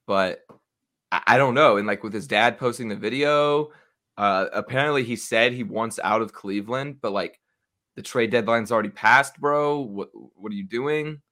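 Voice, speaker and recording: A man's voice: medium pitch, normal speed, pushed and bright. A young man in casual, opinionated sports chat with a friend, swearing freely. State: hiccups.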